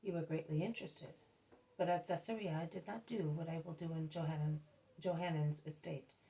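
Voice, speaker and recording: Woman reader doing a calm, wise male master; low, slightly gravelly, unhurried. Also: rough recording. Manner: measured, patient explaining.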